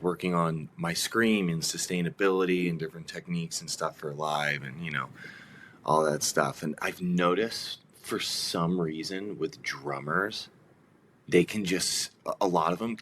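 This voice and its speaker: A man's voice: low-pitched, a little hiss or hum. A man talking as a guest on a podcast, rambling casually with lots of fillers and acted-out quotes. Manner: rambling, animated, many fillers. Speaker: guest, band vocalist.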